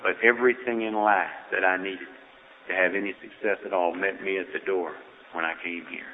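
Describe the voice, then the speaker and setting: A man's voice: low voice, steady tone, a little fast. A man giving a personal testimony at a recovery meeting, telling his story in a folksy, humorous way. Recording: tinny phone-like audio with faint noise.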